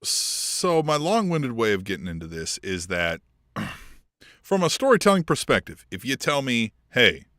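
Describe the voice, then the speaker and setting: A man's voice: medium pitch, moderate pace, no echo, clean studio sound. A man co-hosting a wrestling podcast, chatting casually, swearing freely and laughing often. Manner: profane, animated, laughs often. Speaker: podcast co-host.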